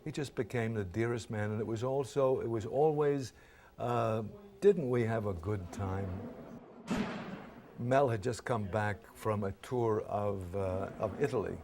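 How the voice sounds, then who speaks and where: An older man from Brooklyn, an actor being interviewed, telling lively anecdotes and acting out the lines he quotes. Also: fairly low pitch, moderate pace, noisy background. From Brooklyn, New York. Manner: lively storyteller who acts out quoted lines.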